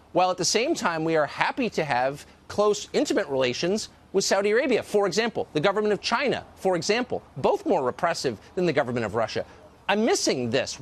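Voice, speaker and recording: Probing male news host, lively pitch. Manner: pointed, probing questions. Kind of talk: cable news interview.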